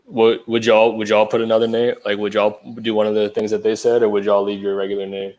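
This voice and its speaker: A man joins a casual podcast chat, hesitant and halting as he talks. His voice is a little low and he speaks in a flat, even tone.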